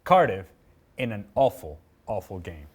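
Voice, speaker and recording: Male football analyst, dry wry humor, mid-pitch voice, casual banter. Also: normal speed, breathy edge. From not from the UK. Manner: dry, wry humor, animated when making a point. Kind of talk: casual sports prediction chat.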